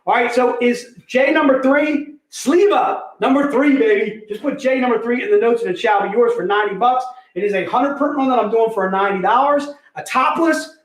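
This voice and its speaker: A man hosting a live comic book sale, pitching deals in energetic, repetitive, joking hype talk. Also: brisk, few pauses. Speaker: host selling comic books. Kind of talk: live online sales pitch. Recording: echoey room.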